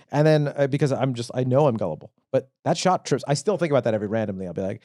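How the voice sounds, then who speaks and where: Comedy podcast guy, man, rapid and bouncy, all over the place with his pitch, mocking himself, dry room. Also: no echo. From Southern California. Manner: animated, self-mocking, jumps into silly voices. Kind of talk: casual comedic banter.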